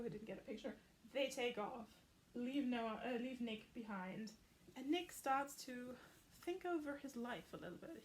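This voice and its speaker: A woman recapping a film in a chatty, casual way, dropping sarcastic asides. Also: sits high.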